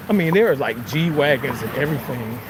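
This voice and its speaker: A vlogger walking outdoors on a sidewalk, talking to viewers in rambling, profane, excitable commentary. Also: medium pitch, brisk. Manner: profane, excitable, bursts into sung snippets and laughter. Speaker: vlogger streaming on a walk. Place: outdoors on a street sidewalk with trees and cars. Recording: noisy outdoor street recording.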